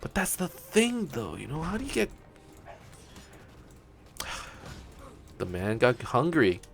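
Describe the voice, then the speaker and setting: A young man chatting over a game session, wandering from one story to the next and swearing casually. His pitch rises and falls freely as he talks, and he sounds lively and animated. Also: takes it slowly, vocal fry, faint music behind. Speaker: gaming channel host. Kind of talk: let's play commentary.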